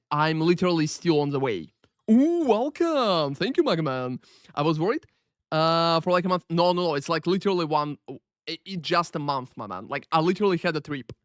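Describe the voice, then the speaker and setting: A game streamer talks in an unpolished, rambling way, full of filler words and casual swearing. His voice sits a touch high for a man and stays dry and close to the mic, with no room sound. He keeps greeting viewers by name as he chats. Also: a bit bright, smooth, dry recording. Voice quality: profane, rambling, filler-heavy. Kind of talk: casual live-stream chat. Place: Paris.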